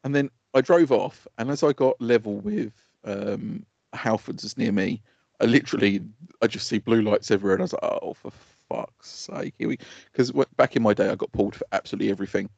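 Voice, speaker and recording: A man's voice: lowish voice, quick pace, gravelly, a little mellow, husky, no echo. A man with an Essex accent co-hosting a podcast, telling rambling stories with swearing and laughter. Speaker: podcast co-host. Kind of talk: casual podcast chat. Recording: dull lo-fi podcast audio.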